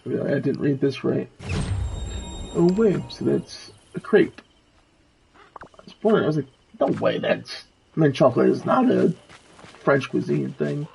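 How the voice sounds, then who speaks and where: A man's voice: medium pitch, expressive, unhurried, creaky, pauses often, darkish tone, slight background noise, poor audio. A man streaming a game with casual commentary. He reads the quest text and the characters' lines aloud.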